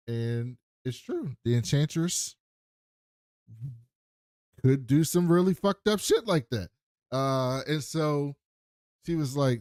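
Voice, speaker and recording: A man's voice: mid-range voice, measured pace, long pauses, no echo, studio quality. A man co-hosting a podcast, casually recapping an episode and acting out the characters' lines. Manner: animated retelling with acted quotes. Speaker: podcast co-host.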